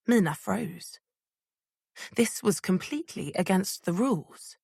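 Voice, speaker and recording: A woman reading an audiobook thriller in scripted narration, measured and even. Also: medium pitch, gravelly, husky, no echo, clean studio sound.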